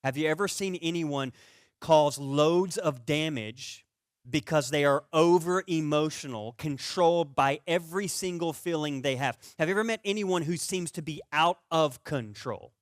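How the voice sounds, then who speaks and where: A pastor with a voice on the high side preaches conversationally at normal speed, hardly pausing, asking the audience questions and acting out childhood stories. His volume rises animatedly in the anecdotes, and the recording is dry and clean, studio-quality.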